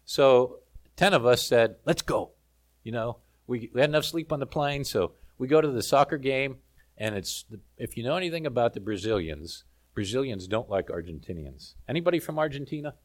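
A man from South Africa preaching a sermon, telling a lively story with humor. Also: medium pitch, normal speed.

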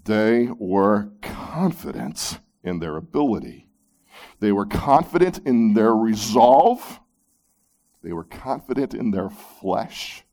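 A man preaching a sermon, reading scripture aloud and commenting on it, moving between loud emphatic peaks and hushed low phrases. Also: big pitch swings, slow pace. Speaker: pastor.

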